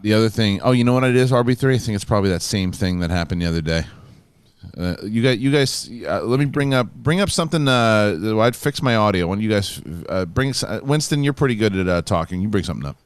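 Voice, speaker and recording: Animated low-voiced male host. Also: fast talker, clear, resonant tone, no echo. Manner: animated storytelling with laughs. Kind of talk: casual chat.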